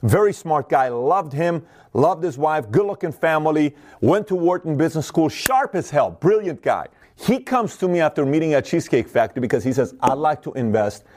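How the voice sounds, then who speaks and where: A middle-aged man giving a motivational talk, energetic and repetitive, acting out the voices of people in his stories. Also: a little high, moderate pace, hardly any pauses. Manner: energetic, acts out quoted voices, repeats himself. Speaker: motivational speaker. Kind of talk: fast motivational monologue to camera.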